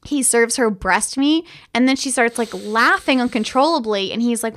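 A woman co-hosting a podcast, retelling a film scene in a casual, animated way and swearing freely. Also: on the high side, normal speed. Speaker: podcast co-host. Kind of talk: casual chat.

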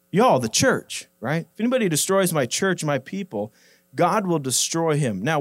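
A man preaching a sermon in a casual, conversational way, often repeating words and slowing down to stress scripture quotes. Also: a little high, no room sound. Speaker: pastor.

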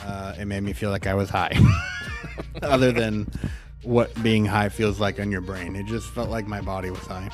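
A man's voice: on the low side, fairly even intonation, moderate pace, music in the background. A young man co-hosting a casual podcast, dry and blunt. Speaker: podcast co-host. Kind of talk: casual chat.

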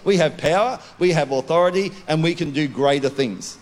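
A man preaching a sermon as a pastor, loud and declaring, swinging from calm talk to shouting. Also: fairly high pitch, normal speed. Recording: long hall reverb.

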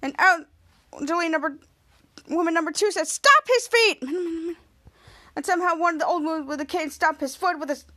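A woman's voice: very high-pitched, fairly even intonation, normal speed, pauses often, a bit bright. A woman podcast host casually recapping a TV episode, rambling with frequent restarts.

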